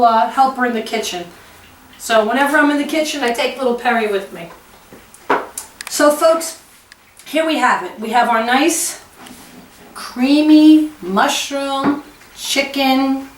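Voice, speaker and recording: Woman host for a home cooking demo, rather high voice, effusive and chatty, picked up from off-mic in an echoey kitchen. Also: fairly bright tone, distant mic. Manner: gushing, exclamatory and chatty.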